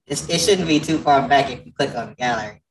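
A man's voice: mid-range voice, quick pace, far from the mic, low-quality recording. A man hosting a casual podcast, joking and teasing, often restarting his sentences. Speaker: podcast host.

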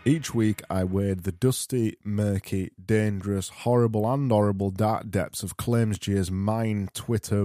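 A man's voice: lowish voice, steady tone, a little slow, few pauses, mellow, faint music behind. A man with a Barnsley accent hosting a solo podcast, rambling and self-mocking as he reads out quiz questions. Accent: Barnsley, Yorkshire. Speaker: podcast host.

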